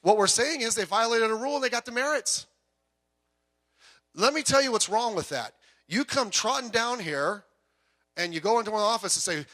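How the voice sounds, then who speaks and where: Bright, high-voiced man preaching conversationally. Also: animated, brisk, pauses often. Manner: conversational preaching with asides and anecdotes. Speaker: pastor. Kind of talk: sermon. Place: church sanctuary. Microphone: PA microphone heard through speakers.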